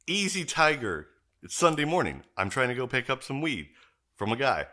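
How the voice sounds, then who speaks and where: Man, podcast host, bright voice, swooping pitch, profane storyteller. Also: big pitch swings, moderate pace. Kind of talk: casual chat.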